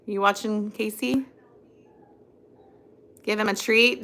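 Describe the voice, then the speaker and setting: A woman's voice: medium pitch, fairly even intonation, unhurried, pauses often, pushed and bright. A young adult woman hosting a casual phone livestream, rambling, reading out viewer comments and cooing at her dog. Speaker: livestream host.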